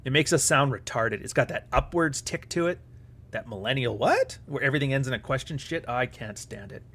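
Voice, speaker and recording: A man's voice: medium pitch, lively intonation, a little fast, fairly bright tone. A man hosting a live stream, chatting casually in a profane, sarcastic and rambling way.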